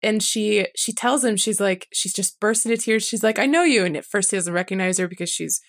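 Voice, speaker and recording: A woman co-hosting a casual book podcast, retelling scenes in a lively way with acted quotes. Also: medium pitch, fairly quick. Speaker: podcast co-host.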